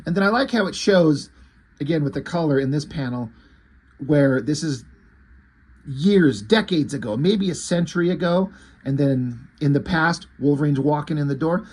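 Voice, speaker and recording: Husky-voiced man rambling about comics. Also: mid-range voice, a little mellow. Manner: rambling, profane, enthusiastic. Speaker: comic book reviewer. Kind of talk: casual comic review.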